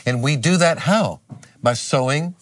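A man's voice: on the high side, unhurried, no echo. Affirming man co-hosting a sermon. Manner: affirming, reads scripture steadily. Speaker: minister and co-host. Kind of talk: televised preaching.

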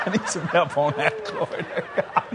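Heavy background noise surrounds this man's voice, which sits on the high side and moves at a normal speed. He's a guest preacher with a South Louisiana Cajun accent, giving a jokey, laughter-filled sermon as an animated storyteller who laughs at his own lines.

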